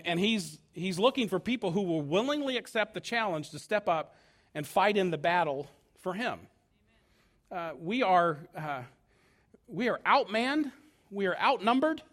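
A middle-aged man preaching with a fairly high voice that leaps and swoops through a wide range. He drives his points home emphatically and slips into acted quotes as he goes. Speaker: pastor. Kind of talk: sermon.

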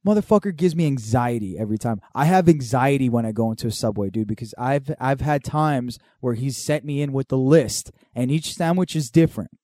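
A young man telling profane, animated stories in casual podcast chat. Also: fairly quick, hardly any pauses, no room sound. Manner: profane storytelling, mimics his dad in a loud high voice. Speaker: podcast co-host.

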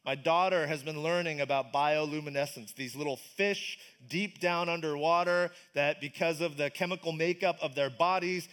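Pastor, male, high-pitched; loose conversational preaching, keeps asking the room questions. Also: a bit bright. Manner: casual, enthusiastic, asks the congregation questions. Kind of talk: conversational sermon. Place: church service.

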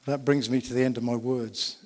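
In a church with long hall reverb, a man preaches a sermon, telling stories emphatically and putting rhetorical questions to the congregation. His medium-pitched voice is steady, brisk, and darkish.

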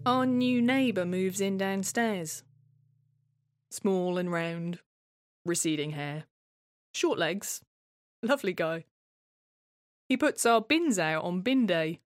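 A woman speaks her own scripted monologue in a wry, reflective, conversational manner. She takes her time over each line, in a mid-pitched voice. The sound is close and dry. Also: slow, long pauses, dry recording, soft background music. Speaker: writer-performer of a monologue. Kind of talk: scripted first-person monologue.

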